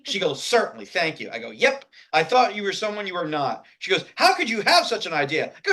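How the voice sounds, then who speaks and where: A man's voice: sits high, huge pitch swings, fast talker, hardly any pauses, pushed and bright. A man in casual chat, animatedly retelling a text exchange and acting out both sides. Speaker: co-host. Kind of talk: casual chat, reading out chat messages.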